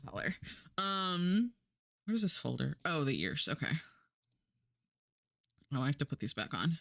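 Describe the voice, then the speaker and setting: A woman's voice: deep voice, sing-song, unhurried, vocal fry, a bit bright, dry recording, studio quality. A woman streaming live, chatting casually and rambling while she works, laughing often and swearing now and then.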